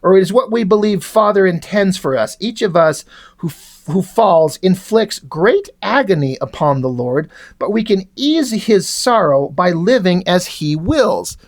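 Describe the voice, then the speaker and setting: A pompous fallen-angel elder speaks in slow, formal, pious tones, read aloud by a man. The voice stays close to an everyday speaking voice, more earnest than theatrical. It sounds like a comic being read aloud for laughs. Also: high-pitched, lively intonation, exaggerated voice. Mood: solemn. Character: stiff solemn male fallen-angel elder.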